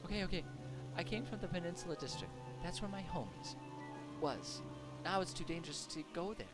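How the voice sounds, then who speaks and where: A man voicing a panicked refugee who pleads for help in a high, breathless voice. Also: animated, a little fast. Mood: pleading. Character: panicked frightened refugee fleeing killings. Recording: game music behind.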